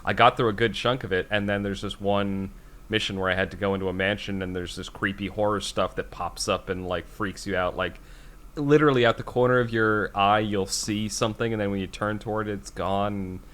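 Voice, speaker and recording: Low-voiced man chatting on a podcast. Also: steady tone, a little fast, fairly bright tone. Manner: rambling, laughs mid-sentence, swears casually. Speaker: podcast co-host. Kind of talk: casual podcast chat.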